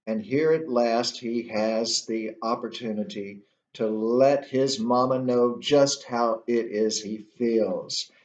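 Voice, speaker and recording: A man teaching a literature lesson, explaining slowly and deliberately with frequent filler sounds, in a roomy, muffled recording. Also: mid-range voice, fairly even intonation, darkish tone. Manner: slow, deliberate explaining with many uhs. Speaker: literature instructor.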